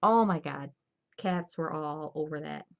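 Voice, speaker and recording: Low-voiced young woman, chatty streamer. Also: measured pace, gravelly. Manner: chatty, laughing, loose storytelling. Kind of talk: casual chat. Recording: dull lo-fi stream audio.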